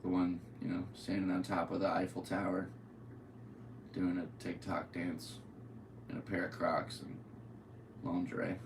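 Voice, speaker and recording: A low-voiced man from Connecticut rambles through a solo podcast, joking loosely. He sits away from the mic, so his voice echoes around his room. A faint hiss runs underneath. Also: monotone, a little slow, pauses often, recorded from a distance. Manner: jokey, rambling, goofy. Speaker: podcast host.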